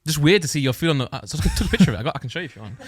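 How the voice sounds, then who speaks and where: A man's voice: fairly high pitch, expressive, rapid-fire, breathy edge, no echo, studio quality. A young man telling a rambling story on a podcast, often breaking off and laughing as he goes. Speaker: podcast co-host. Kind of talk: casual storytelling chat.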